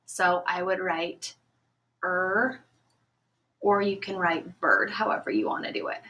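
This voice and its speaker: A woman teaching a recorded phonics lesson to children, speaking clearly and encouragingly and stretching out the sounds of words. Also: fairly low pitch, very animated, sharp tone. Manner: slow, clear, encouraging classroom delivery.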